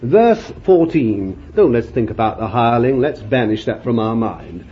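A man's voice: medium pitch, sing-song, normal speed, few pauses. A man preaching a fervent sermon, emphatic and exclaiming, reading scripture aloud. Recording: dull lo-fi recording.

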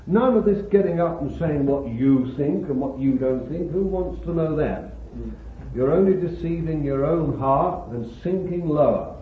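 A man's voice: on the high side, a little slow, slight background noise. A man preaching a sermon to a congregation, emphatic and exclaiming, breaking into chuckles. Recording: tinny phone-like old sermon tape, echoey hall.

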